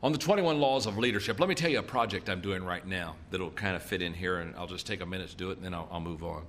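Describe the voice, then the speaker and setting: Low-pitched and quick, his voice carries a fairly bright tone over a little hiss or hum. The middle-aged man is presenting a leadership seminar, telling folksy stories and driving points home by repeating them.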